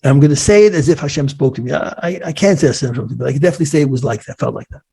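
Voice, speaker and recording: A man in his forties tells a personal story to an interviewer. His voice is gravelly and husky, with a dark, mellow tone. He speaks earnestly and often stops to restart his sentences. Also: fairly high pitch, very fast. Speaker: interview guest.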